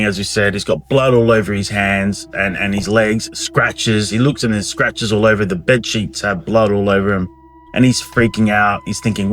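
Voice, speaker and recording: This storyteller and channel host has a low-leaning, fairly bright voice. He recounts a creepy myth in an offhand, wandering style, breaking off for asides and starting over.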